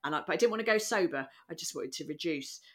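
An English woman appears as a guest on a podcast. She speaks in a somewhat low voice. She rambles in an animated way and jokes at her own expense. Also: quick pace. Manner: animated, self-mocking, rambling. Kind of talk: casual interview chat.

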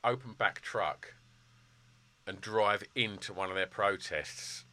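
A man's voice: on the low side, slow, bright, forceful tone. A man in casual chat, enthusing emphatically and swearing freely.

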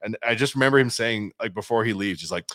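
A man's voice: on the low side, fast, dry recording, studio quality. A man hosting a podcast, telling stories in casual chat and acting out quotes. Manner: animated storytelling with acted quotes. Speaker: podcast host. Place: studio.

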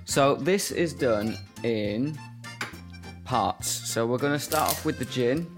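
A slightly hungover podcast co-host chats casually in his home kitchen, explaining a cocktail recipe as he mixes it. His mid-range voice moves slowly over soft background music.

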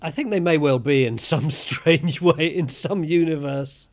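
An older man hosting an interview, speaking in a halting way with frequent word repeats. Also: on the high side. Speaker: host. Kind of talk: conversational interview.

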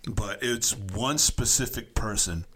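A man co-hosting a podcast in easy, rambling chat, with a bright, forceful tone sitting a little low for a man. He laughs easily and circles back over his words as he thinks. A faint hiss sits under the recording. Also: slow. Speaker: podcast co-host. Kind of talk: casual chat.

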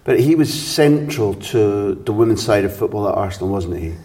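Low-voiced joking male interviewer. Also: lively intonation, moderate pace, dark tone. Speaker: interviewer host. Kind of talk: casual interview chat.

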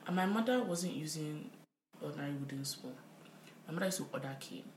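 A young woman co-hosting a podcast in casual chat, telling animated stories and acting out the people she quotes. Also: low voice, fairly quick, slight background noise. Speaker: podcast co-host. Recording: roomy echo.

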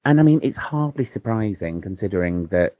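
A man co-hosting a podcast, telling a gentle, self-deprecating story in casual chat. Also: on the low side, lively intonation, brisk, dry recording, dull audio.

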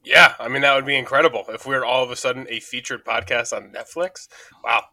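Bright-voiced jokey male podcast co-host. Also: mid-range voice, steady tone, fairly quick, vocal fry, no room sound. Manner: chatty, jokey, self-deprecating. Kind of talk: casual chat. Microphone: studio microphone.

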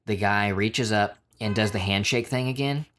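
A man's voice: on the low side, normal speed, fairly bright tone. A man casually telling a travel story, full of fillers and restarts, acting out quoted voices along the way. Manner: rambling, many fillers, acts out quotes. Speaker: storyteller in a podcast chat. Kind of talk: casual chat.

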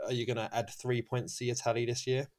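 A man's voice: medium pitch, level tone, quick pace, a little mellow. A man hosting a football podcast, chatting casually with many fillers and frequent laughs. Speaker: podcast host.

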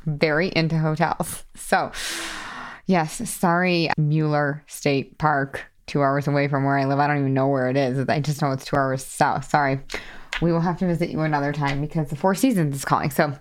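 A woman in her thirties, a weight loss coach, hosting her podcast in a bubbly, excitable, chatty way. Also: sits low, moderate pace. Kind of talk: casual podcast monologue.

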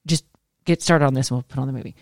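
A woman's voice: extremely low pitch, steady tone, racing, a little mellow, dry recording, clean studio sound. A woman in her forties, a schoolteacher co-hosting a casual chat show, chatty and laughing, swearing casually. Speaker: co-host, schoolteacher.

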